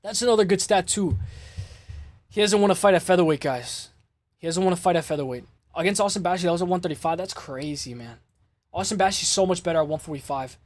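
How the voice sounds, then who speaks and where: A man hosting a casual MMA show, breaking down fights in an excitable way, swearing and repeating himself. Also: sits high, quick pace, no room sound. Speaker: MMA podcast host.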